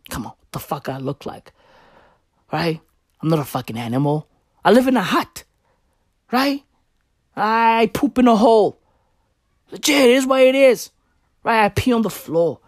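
A woman's voice: fairly low pitch, no room sound, studio quality. A woman delivering an improvised comic monologue, crude, profane and rambling, with slangy, brash talk and a catchphrase she keeps repeating.

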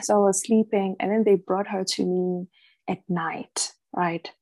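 A woman's voice: medium pitch, steady tone, unhurried, a little mellow, no room sound, rough recording. A young woman talking frankly in a casual chat, laughing often and acting out what people said to her.

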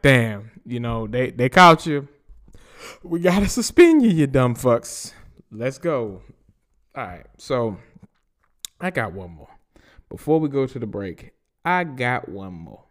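A man with a Southern US accent hosting a podcast, reading news stories aloud and riffing on them with loose, profane commentary. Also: medium pitch. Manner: reads news aloud and riffs with laughs and profanity. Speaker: podcast host.

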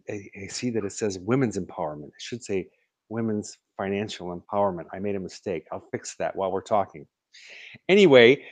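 A man's voice: fairly low pitch, a little mellow, no echo. A man hosting a live online interview show, upbeat and chatty, often restarting his sentences. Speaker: host. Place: in Chicago.

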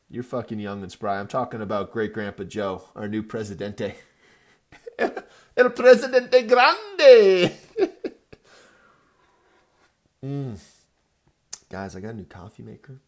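Guy in his 30s trash talking his fantasy league buddies, swears a lot, rambles, middle pitch. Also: a little mellow. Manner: rambling, profane, jokey trash talk. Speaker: fantasy football league commissioner recapping the week. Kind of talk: casual profane recap video.

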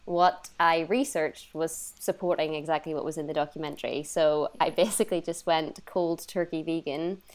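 A woman's voice: low-pitched, fairly even intonation, moderate pace, few pauses, a little mellow. A young woman from Ireland, chatting as an interview guest, laughing often and acting out her own past remarks. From Northern Ireland. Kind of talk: casual interview chat. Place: lives in London.

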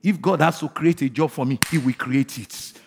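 A man preaching a fervent sermon who asks his congregation questions and leads them in shouted declarations. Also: a little high, moderate pace, creaky, background noise. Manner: asks the crowd rhetorical questions. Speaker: pastor.

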